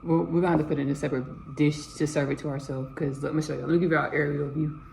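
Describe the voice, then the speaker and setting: Woman, tired but playful home cook, casual vlog chatter, slightly low and gravelly. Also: level tone, rapid-fire, a little mellow, a little hiss or hum, rough recording. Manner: chatty, playful, talks to viewers as y'all. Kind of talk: casual cooking vlog chat. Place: home kitchen.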